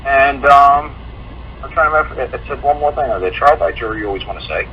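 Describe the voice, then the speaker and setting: A man's voice: medium pitch, fast. Rambling man on muffled call audio. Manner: rambling, animated storytelling with many fillers. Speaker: guest. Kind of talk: casual call-in chat. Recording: muffled online call audio with faint hiss.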